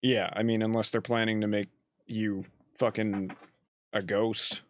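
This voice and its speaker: A man co-hosting a casual podcast chat, animated, laughing often and swearing casually. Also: on the low side, unhurried, slight background noise. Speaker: podcast co-host.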